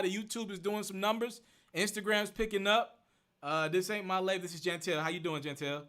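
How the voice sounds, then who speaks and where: A young man hosting a casual phone livestream, rattling off rapid shout-outs to viewers and answering their questions. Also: high voice, fairly even intonation. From Memphis. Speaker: livestream host.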